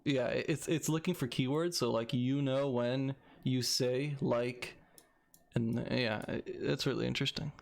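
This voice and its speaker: Gravelly young man rambling. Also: mid-range voice, steady tone, unhurried. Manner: rambling, thinks aloud with restarts. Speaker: video creator. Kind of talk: casual coding vlog.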